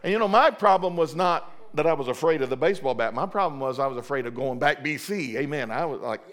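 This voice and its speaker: A man's voice: fairly high pitch, lively intonation, quick pace, a bit bright. A middle-aged man, a pastor preaching a sermon fervently, often repeating and restarting his words.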